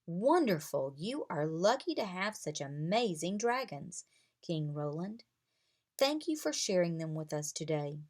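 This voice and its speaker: A woman's voice: fairly low pitch, big pitch swings, unhurried, a little mellow. A woman voicing a gracious queen who adores dragons, speaking with delight in a read-aloud storybook.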